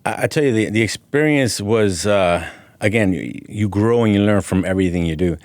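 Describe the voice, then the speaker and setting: A man, a gym owner and guest on a podcast, telling a personal story in a lively way. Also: lowish voice, a little fast, no room sound, studio quality. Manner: animated storyteller, acting out quoted voices. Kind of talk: storytelling in an interview.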